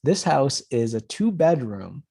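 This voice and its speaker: A man, an urban planner, giving a webcast presentation and telling stories with a lively, animated delivery. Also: mid-range voice, unhurried, vocal fry, slightly rough. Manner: animated storyteller who acts out conversations. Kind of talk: presentation webcast, data-driven storytelling.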